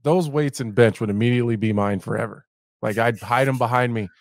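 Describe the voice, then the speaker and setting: A man of medium pitch chats on a podcast, laughing often and hedging as he talks. His voice is close and dry, with no room sound. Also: fairly quick, no room sound. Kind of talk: casual chat.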